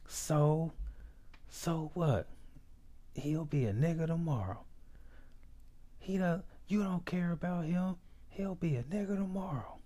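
A man voicing his angry uncle yelling at a stadium crowd, with his voice pushed high and heated. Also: slow, pauses often. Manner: shouting, heated.

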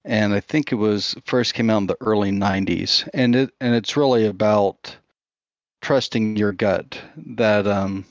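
A man co-hosting a casual podcast in a lowish voice. He talks in a thoughtful, measured way with small hesitations. His mic sounds slightly dull and dry. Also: no echo. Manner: thoughtful, measured, recommends books. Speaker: podcast co-host. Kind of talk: casual group chat.

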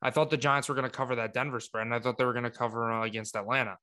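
Man, podcast co-host, casual sports chat, animated, restarts often. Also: medium pitch, rapid-fire, clean tone. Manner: animated, exasperated rants with many restarts.

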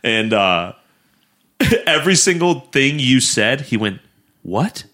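Animated, bright-voiced young man. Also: medium pitch, slow. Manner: animated storyteller, laughs often. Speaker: podcast co-host. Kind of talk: casual chat between friends.

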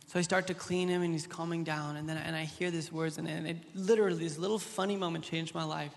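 A male pastor in his thirties delivers an impassioned sermon in a high voice. He swings from loud, soaring lines to soft, close ones and tells stories casually. The sound rings with the long reverb of a large hall. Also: fairly even intonation, fast talker, creaky, hardly any pauses. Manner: impassioned preaching, rises loud then drops soft. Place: church hall.

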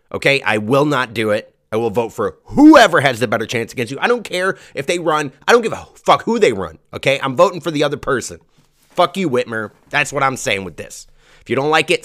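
A man's voice: on the high side, bright, forceful tone. A comedian hosting his podcast from a home basement, ranting crudely and angrily. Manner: angry, crude, exasperated ranting. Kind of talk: profane ranting monologue.

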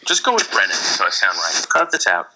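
A man co-hosting a casual podcast, rambling through an animated story with frequent laughs. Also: low voice, brisk, slight background noise, rough recording. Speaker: podcast co-host. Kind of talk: casual chat.

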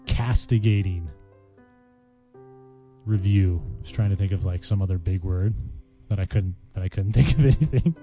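A man's voice: on the low side, mellow. A man hosting a casual vocabulary podcast, chatting playfully as he walks through word mnemonics. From United States. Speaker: podcast host teaching vocabulary.

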